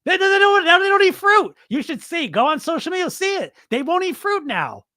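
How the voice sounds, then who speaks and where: Gleeful diet-company boss done by a man, pitched way up, giddy and boastful, dry close sound. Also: sing-song, brisk, bright, forceful tone, no room sound, full character voice. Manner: giddy, boastful, breathless with laughter. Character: gleeful scheming male diet-company executive.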